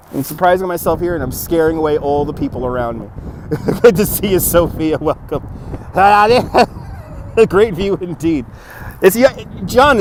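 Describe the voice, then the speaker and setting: A man's voice: high voice, a little hiss or hum, rough recording. A man chatting casually while walking outdoors at night, talking into a phone on a gimbal, laughing often and repeating himself. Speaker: livestream vlogger. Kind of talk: casual walking livestream chat. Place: city streets outdoors at night.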